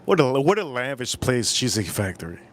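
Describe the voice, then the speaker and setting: A man's voice: very animated, fairly quick, a little hiss or hum. A man in his forties hosting a casual live stream, telling a rambling story and repeating himself. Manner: rambling, repeats himself, jumps into loud high-pitched impressions. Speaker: livestream host.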